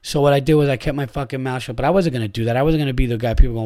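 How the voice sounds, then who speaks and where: A man's voice: medium pitch, racing, mellow, dry recording, clean studio sound. Foul-mouthed man ranting into a podcast mic. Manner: angry, crude, rambling with restarts. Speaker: podcast host. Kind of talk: profane rant to listeners.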